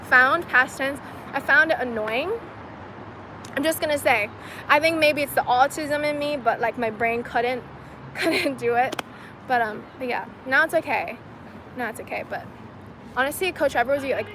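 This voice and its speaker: Young woman streamer, slightly high voice, rambling chat outdoors with street noise. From China. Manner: chatty and rambling, many "like"s. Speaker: streamer answering chat questions. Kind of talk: casual livestream chat.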